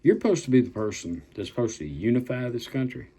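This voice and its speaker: A man's voice: medium pitch, big pitch swings, fast, mellow, husky. An older man delivering an angry political rant, blunt and profane, stretching out words for emphasis and making threats. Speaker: political commentator.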